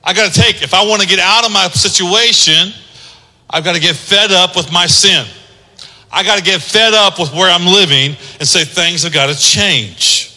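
High bright preacher in a reverberant hall. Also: male voice, moderate pace. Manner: builds from quiet teaching to loud preaching. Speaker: pastor. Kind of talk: sermon.

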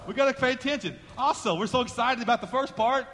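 A man's voice: extremely high pitch, fast, a bit bright, big-room sound. A man preaching a sermon as pastor, emphatic and repeating his key phrases as he builds. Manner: emphatic, repeats key phrases, drives lines upward in volume.

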